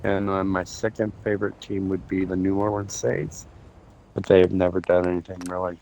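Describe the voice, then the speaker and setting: A man's voice: sits low, little pitch movement, brisk, creaky, a little mellow, a little hiss or hum, rough recording. A man chatting casually on a game stream as co-host, joking and easygoing. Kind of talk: casual chat.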